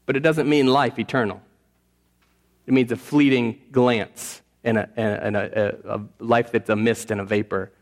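A man preaching a sermon as pastor, earnest, moving between quiet asides and raised appeals. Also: medium pitch, fairly even intonation, normal speed, big-room sound.

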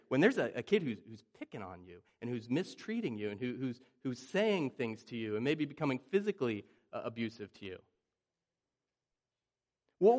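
Animated, slightly high-voiced male preacher. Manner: animated preacher, acts out panicked voices, frequent restarts. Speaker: pastor. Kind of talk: sermon.

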